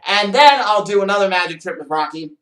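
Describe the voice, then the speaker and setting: Chatty high-voiced magician man. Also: animated, brisk, a bit bright, echoey room. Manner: chatty, rambling, with many fillers and playful asides. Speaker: magician host. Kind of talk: casual how-to talk on magic. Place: small room with a counter and shelves.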